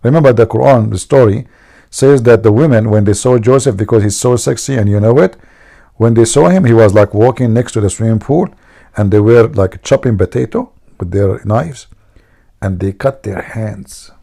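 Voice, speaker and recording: A man's voice: lowish voice, normal speed, gravelly, warm tone. A man from the Middle East, a native Arabic speaker, hosting a casual livestream in a joking, mocking storytelling manner. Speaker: livestream host.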